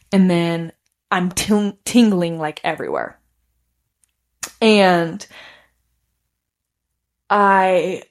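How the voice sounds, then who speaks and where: A woman telling a personal story in a casual, chatty way, filling her sentences with "like" and laughing often. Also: fairly low pitch. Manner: chatty, heavy use of "like". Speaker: podcast host.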